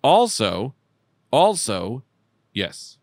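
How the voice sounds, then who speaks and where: A man hosting a comedy podcast, rambling and self-mocking, swinging between loud bursts and mutters. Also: mid-range voice, huge pitch swings, drawn-out words, no echo. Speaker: podcast host. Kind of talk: casual comedic chat.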